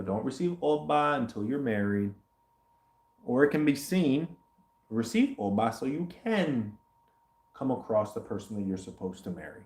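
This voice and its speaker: A man chatting casually as the host of a livestream question session, rambling, animated and swearing often. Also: medium pitch, reverberant. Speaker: host answering viewer questions.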